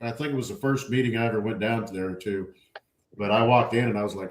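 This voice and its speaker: A man's voice: fairly low pitch, fast talker, a little hiss or hum. A man, a Marine veteran, telling swear-laden stories in casual chat. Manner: profane, animated storyteller.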